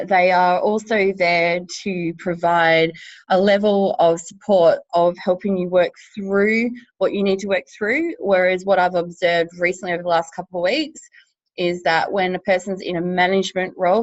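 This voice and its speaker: Measured woman on a dry call. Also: lowish voice, no echo, muffled recording. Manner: measured, reflective, with fillers. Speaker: team member in a check-in. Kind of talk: casual meeting check-in.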